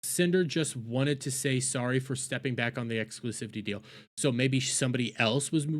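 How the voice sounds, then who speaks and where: A young man reacting to a video from his home at night, exasperated and fuming. He rants and swears, loops back over the same complaint, and keeps bursting out loudly. His voice sits at an ordinary middle pitch for a man. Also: fairly quick. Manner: ranting, swears, repeats himself, bursts into loud outbursts. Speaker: reaction channel host.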